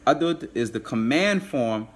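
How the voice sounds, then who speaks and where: A man teaching a live online language class, patiently repeating phrases slowly. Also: mid-range voice, expressive.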